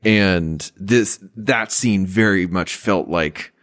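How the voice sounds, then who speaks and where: A man co-hosting a podcast in casual chat, talking haltingly with many restarts. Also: sits low, fairly bright tone, dry recording, studio quality. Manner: hesitant, many restarts and stammers. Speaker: podcast co-host.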